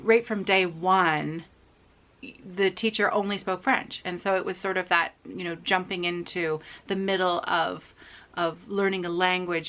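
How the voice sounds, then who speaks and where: A middle-aged woman talks casually to her viewers about her needlework, in a chatty, self-deprecating way full of restarts and little fillers. Her voice sits fairly low yet sounds bright and forceful. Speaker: cross-stitch vlogger. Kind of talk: casual chat to camera.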